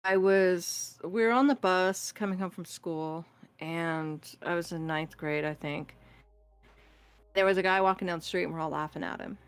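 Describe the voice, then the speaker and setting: A woman casually telling a true scary story on a podcast, animated and acting out the voices in it. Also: on the low side, moderate pace, clean tone. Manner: animated, acts out voices in her stories, laughs often. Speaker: guest storyteller.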